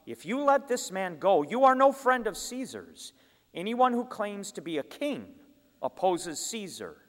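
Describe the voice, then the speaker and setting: A man's voice: on the high side, big pitch swings, slow, fairly bright tone, exaggerated voice. A man voicing an angry accusing crowd. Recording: long hall reverb.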